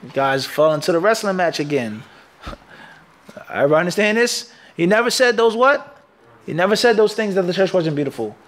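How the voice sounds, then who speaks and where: A man teaching a hadith lesson to students, emphatic and punchy, often pausing on "what?" so the class can fill in the word. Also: sits high, expressive, a bit bright. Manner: call-and-response questioning, asks "what?" for the class to fill in. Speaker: Islamic teacher.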